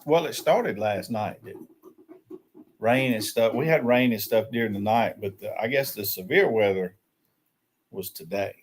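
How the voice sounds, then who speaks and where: A man's voice: on the low side, normal speed, slight background noise. A man hosting a casual morning chat livestream from a small shed, greeting viewers by name and laughing often. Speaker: livestream host. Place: small shed used as a tiny house.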